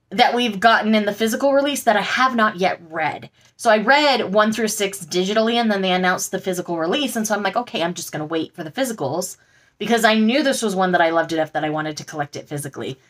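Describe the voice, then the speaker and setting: A woman's voice: medium pitch, a bit bright. A woman vlogger chatting casually and gushingly about the books she just bought, with frequent fillers. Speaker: book vlogger. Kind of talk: casual haul chat.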